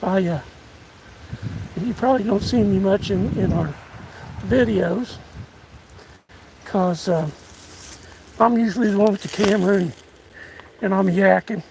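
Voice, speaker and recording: A man in his 60s livestreams casually from rural woods, chatting in a folksy, rambling, self-deprecating way while out of breath. His voice is high-pitched, a little slow, with vocal fry and frequent pauses. The background is noisy, with outdoor ambience and a passing train.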